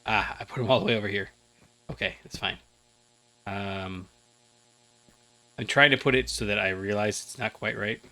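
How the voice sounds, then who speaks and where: A man's voice: lowish voice, normal speed, pauses often, bright, forceful tone. A man casually thinking aloud while playing a game, rambling with lots of fillers and sounding a bit groggy. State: groggy after a nap. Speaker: gaming channel host. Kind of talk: casual Let's Play commentary.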